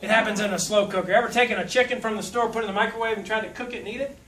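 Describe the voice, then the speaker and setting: Heard from a distance in an echoey hall, this motivational speaker from South Louisiana spins humorous, down-home stories and mimics voices for quotes. He talks rapid-fire in a high, steady, fairly bright voice.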